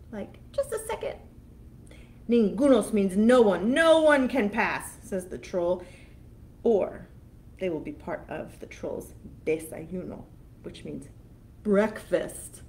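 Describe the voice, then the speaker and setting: Librarian lady reading a picture book to kids, slow and sing-songy, explains every word. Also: a little high. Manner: slow, expressive, explains each Spanish word. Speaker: children's librarian.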